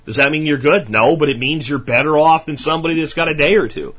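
A male podcast host delivering a passionate, ranting monologue. His voice is husky and sits a little high, and the recording sounds dull and lo-fi. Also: fast, a bit bright.

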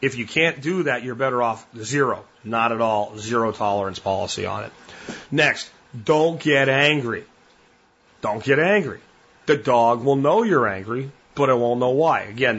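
Blunt husky-voiced man. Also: medium pitch, a bit bright, highs cut off. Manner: blunt, plain-spoken. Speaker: podcast host. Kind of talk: casual monologue.

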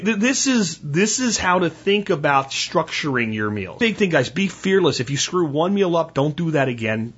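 Husky man giving folksy cooking tips. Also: medium pitch, a bit bright, highs cut off. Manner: folksy, rambling, addresses listeners as folks and guys. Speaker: home cooking teacher. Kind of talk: casual cooking talk.

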